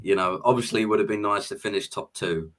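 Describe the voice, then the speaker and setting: A man on a football fan panel, talking in a relaxed, earnest way. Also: lowish voice, fast talker. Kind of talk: casual fan chat.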